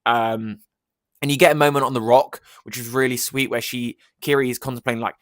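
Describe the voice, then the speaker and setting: A man reviewing a film for his vlog, rambling and excited, with plenty of fillers. His voice sits in an ordinary middle pitch. It is recorded dry and close, with no room sound. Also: fairly quick, no echo. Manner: enthusiastic, rambling, many fillers.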